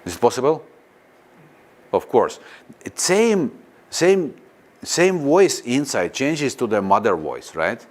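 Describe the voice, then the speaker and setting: A man teaching a guided meditation in non-native, halting English, often pausing to question a live audience. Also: mid-range voice. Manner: slow and lively, questions the audience. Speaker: spiritual teacher.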